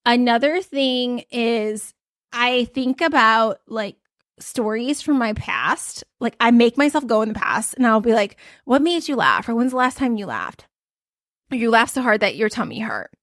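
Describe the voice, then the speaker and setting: A woman's voice: fairly high pitch, lively intonation, measured pace, a bit bright, dry recording, clean studio sound. A young pregnant woman hosting a podcast, chatting casually and rambling as she gives lifestyle tips. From United States. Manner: chatty, rambling, many fillers. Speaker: podcast host.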